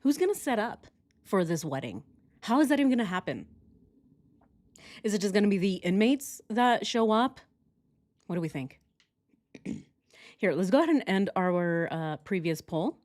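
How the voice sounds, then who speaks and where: A woman hosting a casual true crime livestream, reacting with animated, sarcastic commentary and frequent laughter. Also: medium pitch, normal speed, long pauses.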